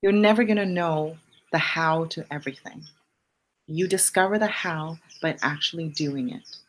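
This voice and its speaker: A low-voiced woman talks straight to her viewers on a live stream. She coaches bluntly and leans on punchy repeated lines that jump up in pitch. She swears for emphasis. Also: normal speed. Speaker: live-stream host answering viewer questions. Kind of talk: casual motivational live stream.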